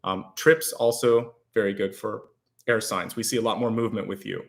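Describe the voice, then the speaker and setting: A man's voice: lowish voice, fairly even intonation, moderate pace, vocal fry. A man giving a weekly tarot and astrology reading, speaking directly to his viewers in a reassuring, conversational way. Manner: conversational, with fillers and restarts. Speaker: tarot reader.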